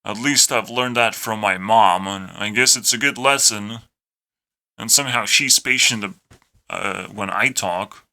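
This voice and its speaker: A man's voice: on the low side, unhurried, bright, forceful tone. A young man from Lithuania with a Lithuanian accent, ranting to camera in a profane, sarcastic, self-deprecating way. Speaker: YouTuber. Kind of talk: rambling rant to camera.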